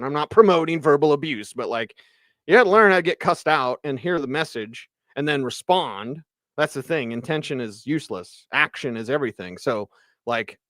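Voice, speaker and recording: Casual sports host talking football. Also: male voice, mid-range voice, no echo, clean studio sound. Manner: casual, animated, reads live chat aloud. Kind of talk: solo postgame livestream recap.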